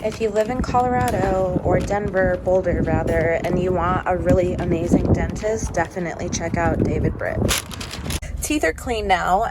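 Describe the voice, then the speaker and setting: A woman chatting casually in a daily vlog, talking to viewers with plenty of "like" fillers. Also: on the low side. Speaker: vlogger. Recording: noticeable background noise.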